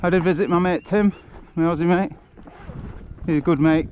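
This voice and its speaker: A man's voice: on the high side, steady tone, normal speed. A British man live-streaming as he walks through countryside on a charity walk. He chats loosely with viewers and is slightly out of breath. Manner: chatty, rambling, addresses viewers by name. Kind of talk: casual live-stream chat while walking. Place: outdoors on a country path among rice fields. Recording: dull lo-fi phone audio with outdoor noise.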